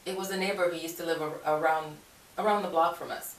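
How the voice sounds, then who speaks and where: Woman, casual storyteller, keeps correcting herself and laughing; lower voice; recorded roomy and from a distance. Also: steady tone, fast talker. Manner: rambling, self-correcting, laughs often. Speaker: Christian video blogger. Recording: echoey room, voice far from mic.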